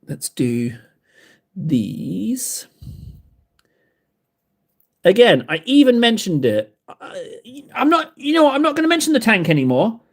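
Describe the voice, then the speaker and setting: Animated man chatting while painting models. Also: sits high, slow pace, pauses often, breathy edge. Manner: rambling, self-mocking, laughs often. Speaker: livestream host painting miniatures. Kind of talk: casual chat with live chat.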